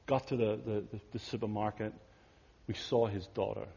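A man telling a story in a sermon, earnest and conversational, often dropping to hushed tones, with a husky voice. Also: fairly low pitch, steady tone, normal speed. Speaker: pastor. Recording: dull audio in a big reverberant hall.

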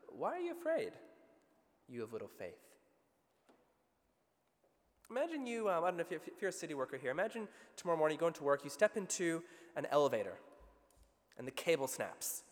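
A man with an Australian accent preaching a sermon, telling the story with vivid asides and a lively, expressive delivery. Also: on the high side, in a large hall.

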